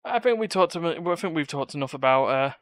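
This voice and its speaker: A man's voice: on the high side, lively intonation, quick pace, fairly bright tone, no room sound. A man hosting a casual gaming podcast, talking in a rambling, opinionated way with many restarts. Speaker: podcast host. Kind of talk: casual chat.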